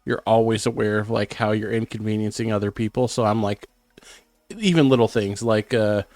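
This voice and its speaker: A man's voice: fairly low pitch, fairly even intonation, normal speed, a little mellow, no room sound. A man co-hosting a podcast in casual chat, a bit sick and rambling, self-conscious. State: sick, throat clearing. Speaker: podcast co-host.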